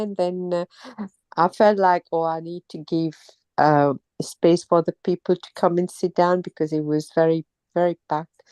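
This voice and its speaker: A middle-aged woman from Mauritius, down with a cold and a sore throat, telling her story in a casual, halting way with many pauses and restarts. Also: lowish voice, mellow, clear, resonant tone, no room sound. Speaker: interviewee, temple visitor. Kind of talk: casual personal account.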